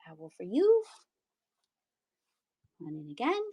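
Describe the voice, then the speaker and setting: A woman's voice: medium pitch, wildly swooping pitch, takes it slowly, dark tone, slightly rough. A middle-aged woman from Pennsylvania hosting a live-stream sale, chatty and playful, with giggles and sing-song asides. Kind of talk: casual live-sale chat.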